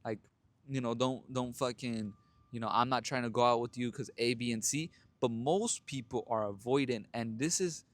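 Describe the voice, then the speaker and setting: A young man hosting his own show, telling a dating story in a blunt, profane, casual monologue. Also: medium pitch. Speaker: podcast host.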